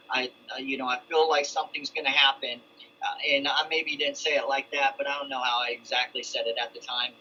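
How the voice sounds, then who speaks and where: In a dull, lo-fi recording with a faint ambient backdrop, a middle-aged man rambles through his testimony, full of restarts and side remarks. His voice is fairly high, bright and forceful.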